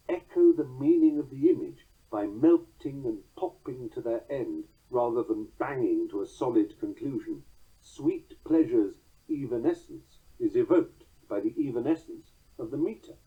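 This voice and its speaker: A man with a measured, drily wry manner, reading poems aloud and explaining meter as a teacher. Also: medium pitch, lively intonation, husky, narrow, tinny audio. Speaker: poetry teacher. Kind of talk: scripted narration reading verse aloud.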